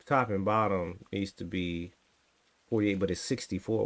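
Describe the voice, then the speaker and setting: Slow-talking man in his thirties, teasing. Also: low voice, steady tone, fairly bright tone. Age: 30s. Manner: teasing, sarcastic, muses aloud to himself. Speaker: coding streamer talking to chat. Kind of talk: casual livestream chat while coding.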